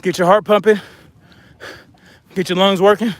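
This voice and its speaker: A man's voice: high-pitched, level tone, moderate pace. A man talking bluntly to his viewers while hiking uphill with a pack, out of breath, calling them y'all. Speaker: vlogger. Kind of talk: casual monologue while hiking. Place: outdoors on a hiking trail.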